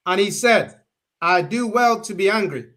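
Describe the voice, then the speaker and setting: A man reading old-fashioned scripture aloud, halting and stumbling with fillers. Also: high voice, lively intonation, bright, forceful tone. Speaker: scripture reader.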